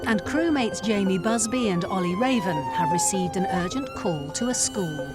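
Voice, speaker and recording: A woman giving measured, scripted narration for a documentary. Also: medium pitch, huge pitch swings, over loud music. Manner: measured, explanatory.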